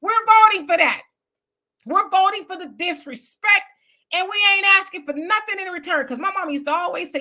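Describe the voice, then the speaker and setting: A middle-aged woman with a Southern US accent from Houston, hosting a casual political commentary and telling stories in an animated, colloquial, heated way. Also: extremely high pitch, normal speed. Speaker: host.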